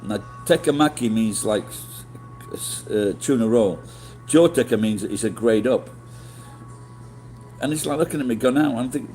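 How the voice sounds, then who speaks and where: A man's voice: medium pitch, moderate pace, dark tone, faint music behind. A middle-aged man telling rambling stories to his stream chat, swearing often and restarting his sentences. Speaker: livestreamer. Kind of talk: casual storytelling to chat.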